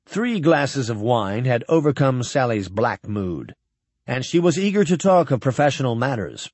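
A man narrating an audiobook in an expressive, steady storytelling manner. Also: medium pitch, normal speed, husky, no room sound. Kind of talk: scripted narration.

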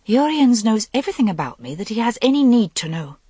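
A woman's voice: fairly low pitch, animated, measured pace, slightly rough, dry recording, full character voice. A woman voicing a proud, scornful noblewoman who answers with cold defiance, in an audiobook reading.

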